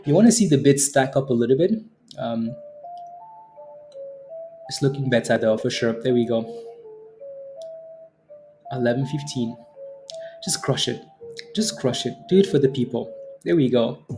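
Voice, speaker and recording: A man's voice: medium pitch, moderate pace, pauses often, dark tone, soft background music. A man hosting a live day-trading stream, cheering on prices, chanting and laughing as he talks to viewers. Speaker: day trading livestream host.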